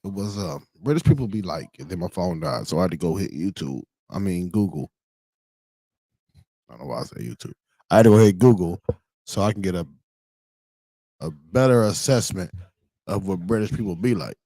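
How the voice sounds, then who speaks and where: A man's voice: low voice, expressive, a little fast, long pauses, dark tone, dry recording. A man hosting a casual show, reading memes aloud with profane, laughing amusement. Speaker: host.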